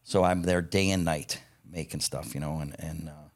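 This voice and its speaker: A man's voice: a bass voice, steady tone, normal speed. A middle-aged man telling stories in a casual interview, blunt and profane, often laughing as he talks. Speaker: guest, parts company founder.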